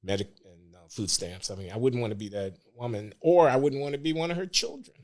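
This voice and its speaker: An older man as a podcast guest, speaking earnestly and in measured terms. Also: medium pitch. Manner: earnest, measured, grows emotional. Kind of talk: casual podcast interview.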